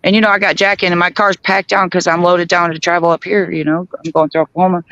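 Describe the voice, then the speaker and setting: High-voiced man telling a story animatedly. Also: quick pace, no room sound, lo-fi sound. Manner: animated, acts out both sides of the dialogue, laughs often. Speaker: guest on a group chat show. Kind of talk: casual storytelling in a group chat.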